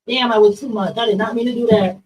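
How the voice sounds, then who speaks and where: A woman's voice: a little high, steady tone, quick pace, darkish tone, recorded from a distance, poor audio. A woman hosting a livestream podcast, talking bluntly and passionately to her viewers, swearing and calling them y'all. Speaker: podcast host. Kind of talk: livestream monologue to chat.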